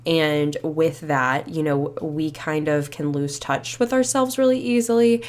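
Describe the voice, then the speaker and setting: Young female podcast host, deep-toned, casual and reflective, slightly congested. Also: a little slow. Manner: chatty, reflective, many fillers like "you know" and "like". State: slightly stuffy after a cold, a bit out of breath. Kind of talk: casual solo podcast talk.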